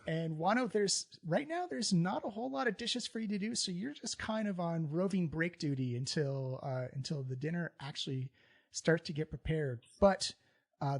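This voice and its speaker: A man narrating a tabletop game as game master, describing scenes in a loose, conversational way. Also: a little high.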